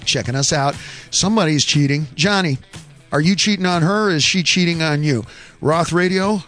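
A man's voice: a little high, a bit bright, faint music behind. Joking man hosting morning radio. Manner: joking, rambling, quick asides. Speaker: radio show host. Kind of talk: casual morning radio banter.

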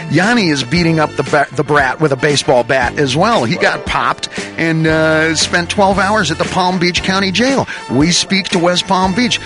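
A man's voice: on the high side, normal speed, few pauses, music in the background. A man hosting a radio talk show, riffing and joking loosely with his crew and laughing between lines. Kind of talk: rambling comic radio talk. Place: radio studio.

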